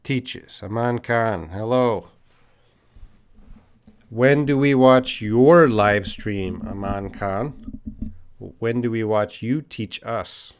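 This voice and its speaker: A man's voice: on the low side, very slow, long pauses, clean tone. A middle-aged man with a Canadian accent, an English teacher answering viewers' chat questions on a live stream, patient and thinking aloud with ums and hmms.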